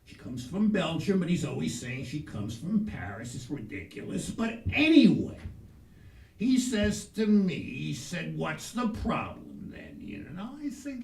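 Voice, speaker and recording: A high, gravelly man telling a rambling folksy comic story as a talk host, bursting out loud now and then. His voice swings up and down freely. It is recorded from a distance in an echoey room. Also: wildly swooping pitch, a little slow, slight background noise. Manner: folksy rambling yarn-spinner, loud outbursts.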